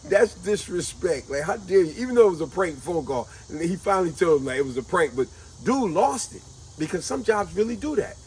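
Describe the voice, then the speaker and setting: A man hosting a casual chat, telling a story in an animated, conversational way. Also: sits high, fairly quick, husky, rough recording. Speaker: host.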